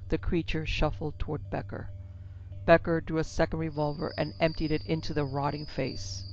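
A woman narrates a horror tale steadily and dramatically. Her voice is gravelly. The recording sounds dull and lo-fi, with faint music. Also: deep voice, darkish tone.

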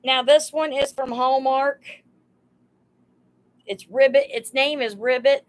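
A woman hosts a live sale stream, greeting viewers by name as she prices each item in turn. Her fairly high voice carries an unhurried, homey drawl with fairly even intonation, and she sounds overheated. The audio quality is poor.

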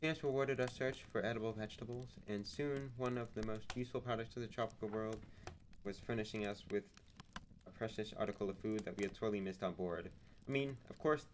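Low-voiced man reading a novel aloud. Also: brisk, a little hiss or hum, rough recording. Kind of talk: audiobook-style narration.

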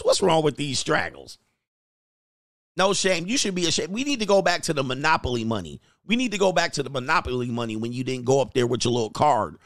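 Slangy, animated male stream host. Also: fairly high pitch, no room sound, studio quality. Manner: slangy, ranting, quick to laugh. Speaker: livestream host. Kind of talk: casual reaction commentary.

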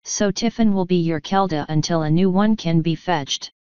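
A woman voicing an ancient fairy clan mother, slow and commanding. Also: fairly low pitch, a little mellow, smooth, no echo, muffled recording, close to an everyday voice. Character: ancient tiny Scottish-voiced fairy clan mother, stern.

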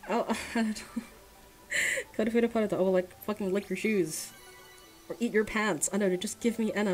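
A woman's voice: unhurried, pauses often, soft background music, poor audio. Young woman mumbling and shrieking over gacha pulls. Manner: swings from mumbled low sighs to shrieking excitement. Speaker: gacha gaming streamer. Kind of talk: casual gaming commentary.

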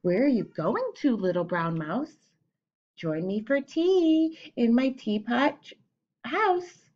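A woman voicing a hungry but polite owl in a storybook, slow and inviting. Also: fairly high pitch, expressive, darkish tone, dull audio, voice pushed up.

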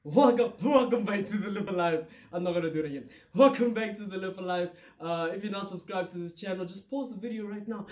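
A young man from South Africa hosting his vlog in an energetic, playful way. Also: high voice, fast, few pauses. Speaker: vlogger. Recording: echoey room.

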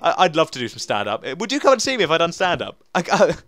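A man's voice: on the high side, wildly swooping pitch, fast, a bit bright, slight background noise. A young English man chatting through a game, narrating his moves and mocking himself. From England. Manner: chatty, self-mocking, talks to himself while playing. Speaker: gaming YouTuber. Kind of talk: let's play commentary.

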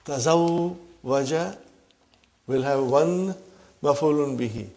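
A man teaching an Arabic grammar class. He keeps questioning his students, prompts them with a quick "huh?", and calls them brothers and sisters. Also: fairly high pitch, expressive, darkish tone.

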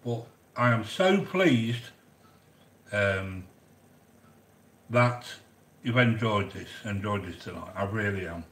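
A man's voice: on the low side, lively intonation, slow, pauses often, fairly bright tone. A man hosting a cooking channel, chatting casually and effusively as he reads out viewer comments, repeating himself with plenty of fillers. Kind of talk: casual live-stream chat reading viewer comments. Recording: echoey room.

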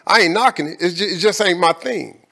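A man's voice: sits high, a little fast, creaky, bright, forceful tone, breathy edge. A man speaking as a guest in an on-stage conversation, talking in an emphatic, colloquial way with preacher-like repetition.

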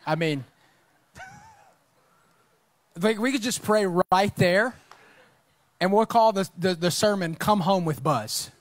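Enthusiastic pastor, dry close sound. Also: male voice, high-pitched, lively intonation, takes it slowly, long pauses, no room sound. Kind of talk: conversational sermon talk. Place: church stage.

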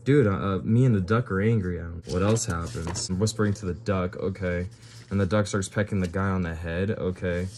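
A man's voice: deep voice, fairly even intonation, a little fast, a little mellow, a little hiss or hum. A young man leafing through an old sketchbook and commenting casually for his video, with bewildered reactions and fillers as he goes. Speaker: video creator.

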